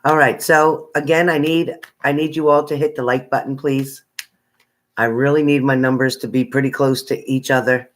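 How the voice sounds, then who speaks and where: A woman's voice: very deep voice, steady tone, moderate pace, poor audio. A woman tarot reader chatting casually on a live stream, reading out viewers' names and sometimes stumbling over them.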